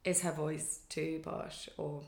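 A woman's voice: sits low, slow, creaky. A woman in her thirties chatting casually as a guest, animatedly acting out what other people said. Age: 30s. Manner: animated, quotes people in exaggerated voices. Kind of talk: casual chat. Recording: roomy echo.

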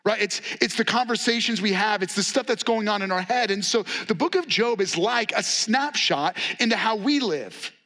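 A pastor preaching a sermon, telling a story in an animated way and acting out its quotes with sarcasm. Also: male voice, sits high, moderate pace, few pauses.

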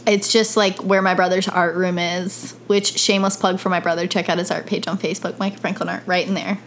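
A young woman co-hosting a casual podcast in an attic room, teasing and quick-witted, laughing often. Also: on the low side, little pitch movement, a little hiss or hum. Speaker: podcast co-host.

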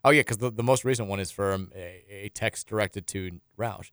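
A man's voice: on the low side, moderate pace, hardly any pauses, fairly bright tone, no echo. A man hosting a sports radio show in a studio, reading out listener texts in a loose, rambling way with frequent restarts and chuckles.

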